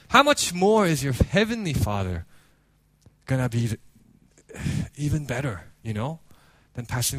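Man, preacher, sermon storytelling, sweeping pitch, dry recording. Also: no room sound. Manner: animated, acts out quotes, frequent "like" fillers. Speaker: pastor.

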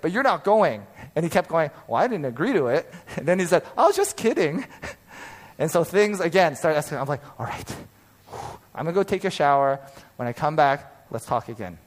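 A pastor in his thirties, speaking in a fairly high pitch, preaches by telling a personal story. He acts out quotes with animation and laughs often.

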